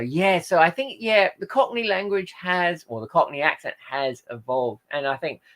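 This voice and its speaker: Mid-range and fairly bright, this man's voice carries a tired, casual livestream. He rambles through viewer comments with plenty of hesitations, fillers and self-corrections.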